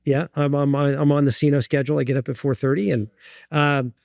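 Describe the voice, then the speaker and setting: Earnest man telling his story haltingly. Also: medium pitch, little pitch movement, vocal fry, darkish tone, no room sound, studio quality. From United States. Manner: earnest, halting, many fillers and restarts. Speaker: guest. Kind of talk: candid interview storytelling.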